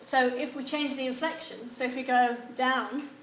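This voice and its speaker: A high-pitched woman lectures students in an echoey room, lively and acting out sample answers in quoted voices. A faint hum of noise sits under her voice. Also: moderate pace. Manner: animated, acts out example replies. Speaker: university lecturer. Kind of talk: lecture on research methods. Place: lecture hall.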